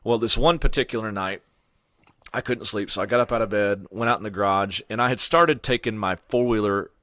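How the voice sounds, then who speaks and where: A middle-aged man tells his story in a loose, chatty way, scattering "you know" and "man" through his sentences. His voice has a bright, forceful edge, and the recording is dry and close. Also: on the low side, fairly quick, dry recording. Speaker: podcast guest. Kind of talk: casual storytelling.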